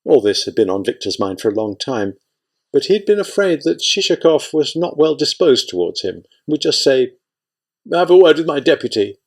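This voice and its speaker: Guy narrating a novel audiobook, gravelly voice, steady and measured. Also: medium pitch. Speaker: audiobook reader.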